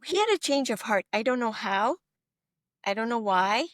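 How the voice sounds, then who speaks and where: A middle-aged woman physician telling stories in a podcast interview, animated and emphatic, often checking in with her listener. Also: a little high, moderate pace, no room sound, clean studio sound. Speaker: physician guest.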